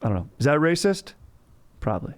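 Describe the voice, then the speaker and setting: In a clean recording, a man with a slightly high voice runs a comedy history podcast, speaking fast and very animated. He rambles through the story in slang and laughs at his own jokes.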